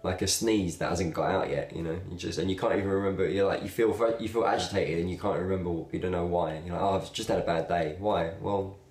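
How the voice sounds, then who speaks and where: A young man with a low, deep voice chats to his viewers in a relaxed, rambling way, full of "um"s and little laughs. He is recorded in a noticeably echoey room. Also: fast talker, few pauses. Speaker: video blogger. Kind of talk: casual talk to camera.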